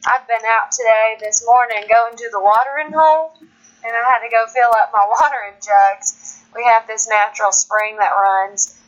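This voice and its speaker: A woman's voice: a little high, normal speed, dull audio. A woman singer-songwriter from Alabama, chatting as a guest in a casual phone interview, laughing often and restarting her sentences.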